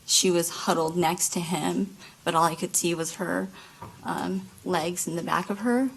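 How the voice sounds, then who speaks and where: Woman, trial witness, slow, gravelly, halting speech with pauses and fillers. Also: on the low side, steady tone, low-quality recording. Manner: halting, many fillers and restarts. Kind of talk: courtroom testimony. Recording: courtroom microphone.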